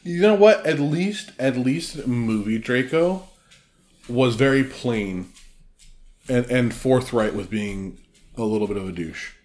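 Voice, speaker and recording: A woman's voice: a bass voice, lively intonation, slow pace, darkish tone. A woman co-hosting a podcast from home, chatting casually with short reactions and blunt opinions. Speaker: podcast co-host. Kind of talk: casual chat. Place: home with a dog.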